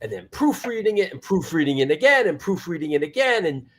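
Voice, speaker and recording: A middle-aged man hosting an interview, speaking haltingly and repeating words as he looks for his phrasing. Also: fairly high pitch, very animated. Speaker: host.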